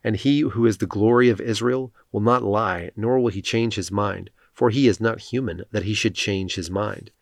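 A stern older prophet rebuking a disobedient king, read by a man in his own low voice. The delivery is solemn and steady, and the sound is close and dry, with no room echo. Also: normal speed, gravelly, hardly any pauses.

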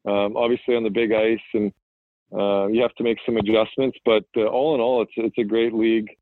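Guest, man in his thirties, low and flat, rambling and relaxed, on a tinny, dry phone line. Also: fairly quick, no echo. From Manitoba, Canada. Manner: relaxed, rambling, frequent fillers and restarts. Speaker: guest, professional hockey player. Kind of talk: casual phone interview.

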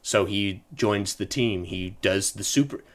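A man's voice: fairly low pitch, a little slow, a bit bright. A man hosting a solo podcast, reviewing a movie in a casual, rambling way, often restarting sentences and chuckling. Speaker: podcast host. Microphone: desk mic.

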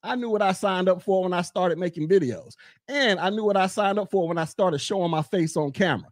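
A man doing a casual commentary podcast from his desk at home, blunt and mocking with loud bursts. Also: high-pitched, brisk, no echo, studio quality.

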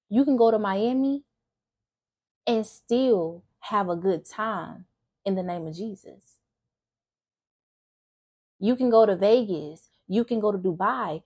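A woman's voice: medium pitch, darkish tone, breathy edge. Earnest young woman sharing faith testimony. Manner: earnest, candid, emotional; casual speech with frequent restarts. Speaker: faith vlogger. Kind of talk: personal testimony talk.

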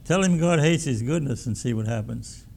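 A man preaching with a gravelly, fry-laden voice at an ordinary pitch. He talks in a homespun, emphatic way and doubles back on his words as he builds his points. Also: animated, moderate pace, darkish tone. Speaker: pastor. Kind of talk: sermon.

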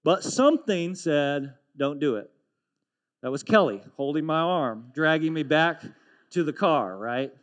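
A man's voice: on the high side, lively intonation, unhurried, fairly bright tone. Earnest storytelling preacher man. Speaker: pastor. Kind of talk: sermon.

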